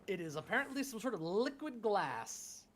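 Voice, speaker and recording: Game master, animated and playful, calling turns. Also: mid-range voice, moderate pace. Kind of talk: running a tabletop game.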